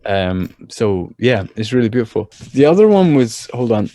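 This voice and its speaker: A man's voice: mid-range voice, sing-song, normal speed, mellow. A man co-hosting a podcast in a casual, rambling way, often restarting his sentences. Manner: rambling, repeats words when starting. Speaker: podcast co-host. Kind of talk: casual chat.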